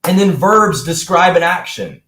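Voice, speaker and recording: A young man coaching his viewers with energy and emphasis. His voice sits a little high for a man and rings in a roomy, echoey space. He pushes his key points hard, like a motivational talk to camera. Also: expressive, measured pace, a bit bright.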